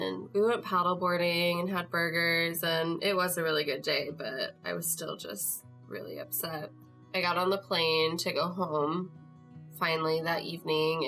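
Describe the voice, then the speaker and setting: Young Midwestern woman host, chatty storyteller, lowish voice, soft music under her. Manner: chatty, lots of "like", emotional. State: tearful at moments. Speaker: podcast host. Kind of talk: casual personal storytelling.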